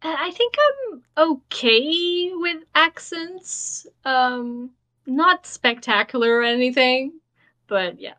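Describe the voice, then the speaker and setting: A Portuguese artist, a woman guesting on a podcast, gives casual interview answers in a modest, thoughtful way and laughs easily. Her voice is high-pitched and bright with a forceful tone, and she speaks slowly.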